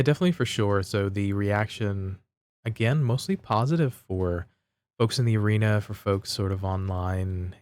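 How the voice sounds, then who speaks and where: A man co-hosting a casual wrestling chat, recapping events in a measured, step-by-step way. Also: deep voice, darkish tone. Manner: measured, recaps step by step with fillers like "type of thing". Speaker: podcast co-host.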